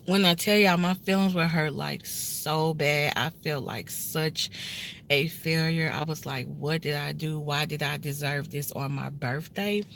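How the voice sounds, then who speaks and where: Bright, earnest woman in her thirties. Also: low voice, measured pace, creaky, a little hiss or hum. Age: 30s. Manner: earnest, emotional, often addresses viewers directly. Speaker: vlogger telling a personal story. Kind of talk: casual heartfelt story time. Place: inside a car.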